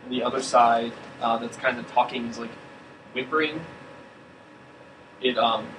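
A man's voice: medium pitch, moderate pace. Guy running a tabletop game, lots of ums, mic far away, echoey room. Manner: relaxed, hesitant, lots of fillers. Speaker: game master. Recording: distant, roomy, air-conditioner hum.

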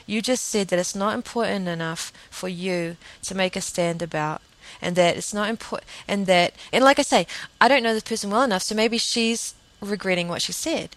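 A woman's voice: mid-range voice, moderate pace, fairly bright tone, dry recording, low-quality recording. A middle-aged woman talking earnestly to camera in a casual monologue, rambling and repeating herself for emphasis. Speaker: vegan vlogger.

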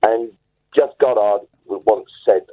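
A man's voice: on the low side, a little slow. A man calling into a radio show, enthusiastically telling a long rambling story. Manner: enthusiastic, rambling, self-assured. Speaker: caller. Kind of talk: phone-in storytelling. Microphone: telephone. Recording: tinny husky phone line.

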